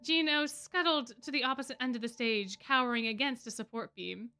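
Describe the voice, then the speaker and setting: A woman streamer reading fan fiction aloud in an expressive way. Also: fairly high pitch, a little fast, few pauses, smooth. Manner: expressive, laughing asides.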